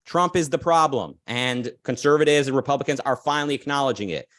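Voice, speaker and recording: A man hosting a political commentary show, talking in an opinionated, animated way with frequent restarts and quick "right?" asides. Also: mid-range voice, dry recording. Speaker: podcast host.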